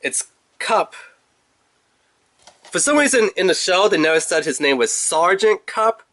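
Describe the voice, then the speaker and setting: A man's voice: high voice, animated, unhurried, a bit bright. Chatty man with a raised voice. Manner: rambling, playful, chatty. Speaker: toy reviewer. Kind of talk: casual unboxing review.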